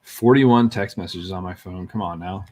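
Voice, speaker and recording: A man's voice: deep voice, normal speed, darkish tone. A man casually chatting and telling stories while streaming a farming game. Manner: storytelling, laid-back. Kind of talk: casual gameplay chat.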